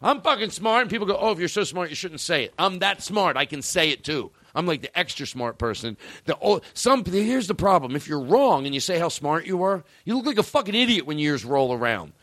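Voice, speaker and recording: A man's voice: fairly high pitch, big pitch swings, brisk, hardly any pauses, fairly bright tone, no room sound. A man hosting a podcast as a comedian, boastful and rambling, swearing often and breaking into scat singing. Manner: boastful, rambling, swears often, bursts into sing-song scatting. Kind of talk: crude comedic podcast banter.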